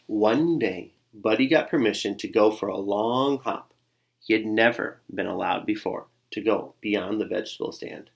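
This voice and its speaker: A man reading a children's picture book aloud, with a lively sing-song delivery and soft hushed asides. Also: fairly low pitch, moderate pace, vocal fry. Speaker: storybook reader. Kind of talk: children's story read-aloud.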